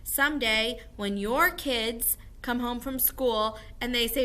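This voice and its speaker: A woman's voice: on the high side, unhurried, hardly any pauses, pushed and bright. A woman music teacher giving a recorded video lesson to first graders, upbeat and encouraging, explaining things simply for young children.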